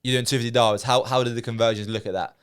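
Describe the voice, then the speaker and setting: Fast-talking, blunt, swearing male interviewer. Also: medium pitch, flat delivery, smooth. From England. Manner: blunt, swears often, leading questions. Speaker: interviewer, sales coach. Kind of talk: casual interview.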